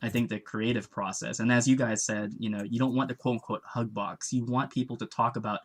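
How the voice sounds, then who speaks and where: A man co-hosting a casual stream chat, animated and acting out the people he quotes. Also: medium pitch, brisk. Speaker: comic creator and stream co-host.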